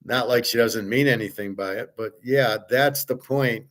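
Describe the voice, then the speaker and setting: A man's voice: mid-range voice, normal speed, a bit bright. A middle-aged man hosting a casual talk, rambling and blunt, repeating himself, stumbling on words and swearing now and then. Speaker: host. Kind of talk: casual chat to viewers.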